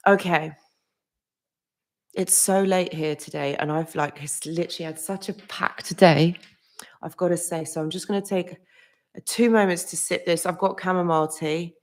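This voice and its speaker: A woman's voice: fairly low pitch, fairly even intonation, normal speed. A woman hosting a psychology live stream, chatting casually, greeting viewers by name, and leaning on "literally" and "like". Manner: loose, with frequent restarts and small laughs. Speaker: psychology channel host.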